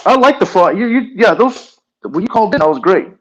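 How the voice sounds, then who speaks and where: A man in casual podcast chat, chiming in with loud, excited remarks. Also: sits high, fairly quick. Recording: dull, muffled sound.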